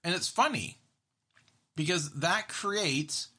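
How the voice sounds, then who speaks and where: Bright-voiced man telling stories. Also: high-pitched, animated, slow pace, husky. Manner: storytelling, acts out his own reactions, many restarts. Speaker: therapist and podcast host. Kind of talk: casual monologue.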